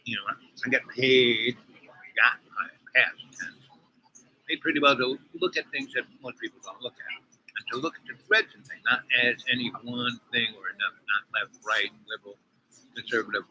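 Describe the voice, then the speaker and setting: A man's voice: medium pitch, fairly even intonation, moderate pace, sharp tone, a little hiss or hum, rough recording. Rambling man talking while eating. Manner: talks with his mouth full, eating breakfast; rambling, opinionated, digressive. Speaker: online show host. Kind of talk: rambling political commentary.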